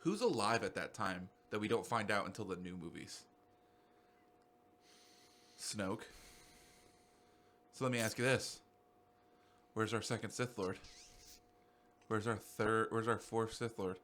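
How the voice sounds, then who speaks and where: A young man co-hosting a podcast in casual chat, rambling excitably and swearing freely. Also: fairly low pitch, unhurried, pauses often. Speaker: podcast co-host.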